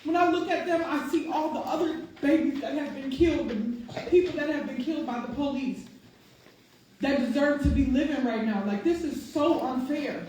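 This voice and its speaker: Emotional woman, high voice, booming hall. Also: moderate pace, a little mellow. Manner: impassioned, insistent, repeating questions. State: emotional, near tears. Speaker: bereaved mother speaking at a public meeting. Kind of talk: emotional public testimony. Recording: very echoey hall, mic far off, faint hiss.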